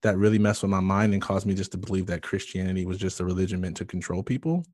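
A man's voice: low voice, fast talker, darkish tone, dry recording, clean studio sound. A man earnestly telling an emotional personal story in conversation, with many fillers and restarts. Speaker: guest sharing his testimony.

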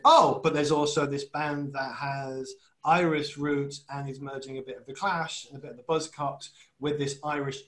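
A man's voice: on the high side, poor audio. A man co-hosting a podcast in casual chat, chatty and self-deprecating, asking long rambling questions. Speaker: podcast co-host.

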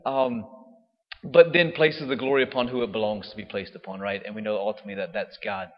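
A man's voice: on the low side, fairly even intonation, a little fast. A man giving a casual homily, chatting with the congregation and often adding "right?" to his points. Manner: conversational, frequent "right?" tag questions. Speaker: priest. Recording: dull sound with long hall reverb.

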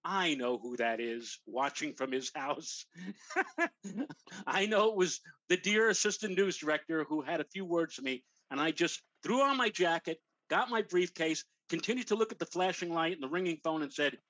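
A man's voice: a little high, moderate pace, no room sound, low-quality recording. An older man, a weather show host, telling a long anecdote in casual chat and acting out the voices of the people in it. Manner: animated anecdote teller, acts out quoted voices.

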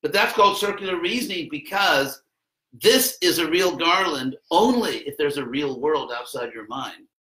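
A man's voice: fairly high pitch, lively intonation, normal speed, sharp tone, echoey room, rough recording. A man giving an informal classroom lecture in a rambling, conversational way, with wry asides.

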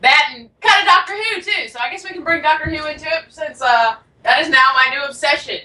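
A woman hosting a casual call-in radio show, talking in a quick, rambling, self-aware way. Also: sits high, sharp tone. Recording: voice from far off the mic.

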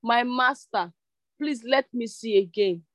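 A woman's voice: a little high, slow pace, fairly bright tone, dry recording, pitched above the performer's own voice. A woman reading the cries of a blind beggar man asking to be healed. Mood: pleading.

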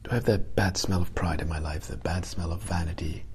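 A man preaching an informal homily in a conversational, halting way, with restarts and frequent dips into a whisper. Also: low-pitched, steady tone, a little mellow, a little hiss or hum.

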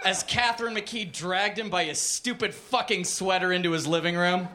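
A man's voice: high-pitched, moderate pace, few pauses. A man reading a crude comic story aloud on a comedy club stage, with mock-literary narration. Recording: noisy live club recording.

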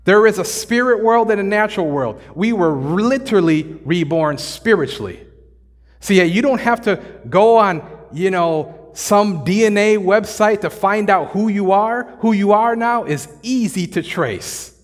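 Male pastor, high voice, casual and jokey delivery, long church reverb. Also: animated, measured pace. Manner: conversational, joking, slangy preaching. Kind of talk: sermon. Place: church sanctuary.

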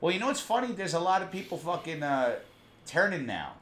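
A young man co-hosting a podcast, talking in loud, laughing, swearing banter. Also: a little high, big pitch swings, a little fast, roomy sound. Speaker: podcast co-host. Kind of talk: casual chat.

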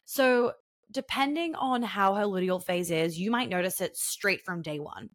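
A woman's voice: mid-range voice, a little slow, no echo, clean studio sound. A young woman talking casually and frankly on a podcast, acting out the voices of people she quotes. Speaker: podcast guest.

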